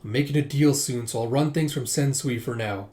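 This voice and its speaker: A man's voice: mid-range voice, fairly quick, a little mellow, close to an everyday voice. A man reading as a cold scheming villain.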